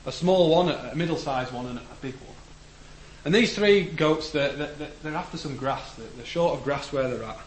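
A man preaching a sermon in a church, earnest, rising to emphatic declarations and letting phrase ends fall low. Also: fairly quick, hardly any pauses. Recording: echoey room with faint background noise.

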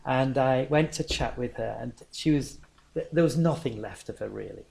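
A man's voice: medium pitch, normal speed, creaky, darkish tone. A man preaching a sermon in a conversational storytelling manner.

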